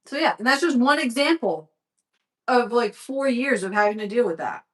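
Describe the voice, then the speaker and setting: A woman's voice: on the high side, animated, normal speed. A young woman livestreaming, telling a personal story in casual chat. She swears freely and fills her talk with "like.". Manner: candid, swears freely, heavy use of "like".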